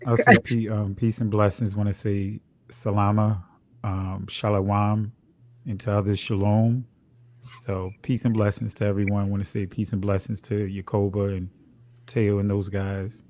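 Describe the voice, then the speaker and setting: A man joining a livestream as a pastor guest, speaking in a calm, easygoing way over his tablet. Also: fairly low pitch, a little slow. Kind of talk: casual livestream chat. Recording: tablet camera, dry.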